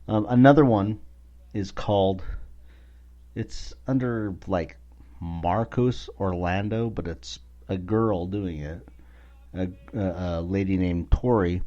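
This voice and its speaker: A man's voice: deep voice, fairly even intonation, slow, mellow. A man hosting his own podcast in a rambling, profane casual monologue, full of filler words. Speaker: podcast host. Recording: dull lo-fi recording.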